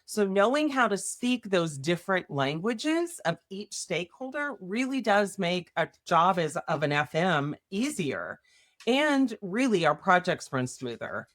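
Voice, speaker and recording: Woman podcast host, slightly low voice, conversational, keeps tagging points with "right?". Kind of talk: casual podcast explanation with workplace examples.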